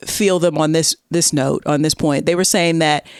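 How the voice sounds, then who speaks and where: A woman hosts a casual podcast, walking through a story with a chatty, storytelling lilt. Her voice sits on the low side, and the sound is close and dry. She jumps up into a higher voice when she acts out quotes. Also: fairly even intonation, normal speed, darkish tone, smooth, dry recording. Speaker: podcast host.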